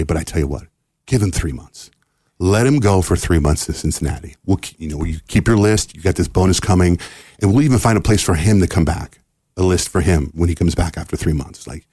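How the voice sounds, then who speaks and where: A fast-talking American man with a deep, husky voice is a radio host appearing as a guest on a podcast interview. He tells a story casually and with animation, performing the quoted dialogue, and the studio sound is clean with no echo.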